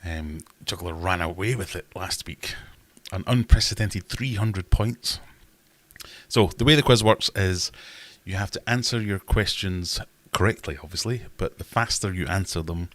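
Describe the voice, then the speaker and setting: A man's voice: low voice, moderate pace, a bit bright, no room sound. A man in his twenties hosting a livestream quiz in a casual, jokey and self-mocking way, reading questions aloud. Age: 20s. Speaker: livestream host and quizmaster.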